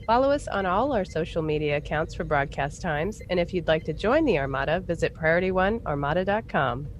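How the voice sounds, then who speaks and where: A woman's voice: fairly low pitch, expressive, fairly quick, slight background noise. A woman co-hosting a live podcast, cheerfully reading announcements with frequent laughs. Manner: giggly, reads announcements cheerfully. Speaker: podcast co-host.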